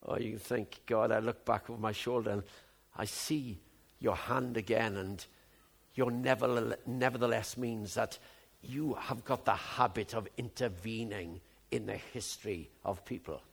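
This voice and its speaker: A man in his seventies preaching a sermon, moving from low musing to loud, emphatic outbursts. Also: fairly even intonation, measured pace, creaky, breathy edge. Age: 70s.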